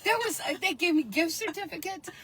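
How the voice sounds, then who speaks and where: A middle-aged woman telling her personal story as an interview guest, animated and acting out the people she quotes. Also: very high voice, fairly quick, very noisy. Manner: animated, acts out quoted voices.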